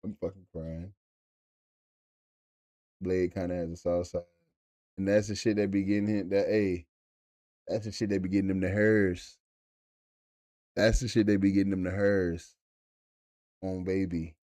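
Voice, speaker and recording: Young man, streamer, low mellow voice, dry close mic, profane laughing banter. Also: little pitch movement, a little slow, long pauses, no echo. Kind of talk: casual live-stream chat. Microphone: desk mic.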